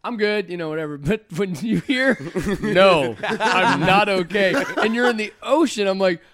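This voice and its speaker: A man in casual chat, telling lively stories and acting out quotes. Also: high voice, fairly quick, dry recording, clean studio sound. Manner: animated, acts out quotes.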